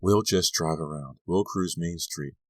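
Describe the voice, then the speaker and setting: A man voicing a soft, teasing teenage girl on the phone in an audiobook. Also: sits low, measured pace, no echo, clean studio sound.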